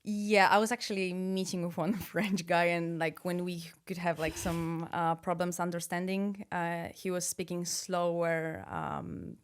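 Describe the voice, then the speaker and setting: Chatty young woman, low-pitched. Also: flat delivery, measured pace, few pauses, clear, resonant tone. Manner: chatty, laughs often, many fillers and restarts. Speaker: guest. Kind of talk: casual interview chat.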